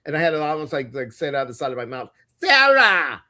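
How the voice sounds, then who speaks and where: A man co-hosting a casual live-stream show, talking in a chatty, animated storytelling way. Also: medium pitch, rapid-fire. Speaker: co-host of a live intuitive show.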